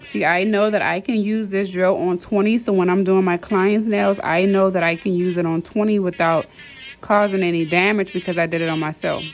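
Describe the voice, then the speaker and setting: A woman's voice: on the low side, steady tone, normal speed. A woman, a nail technician demonstrating drill work in a casual, repetitive step-by-step way. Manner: chatty, repetitive step-by-step instructions with Southern US slang. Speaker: nail technician teaching a class. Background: nail drill whirring.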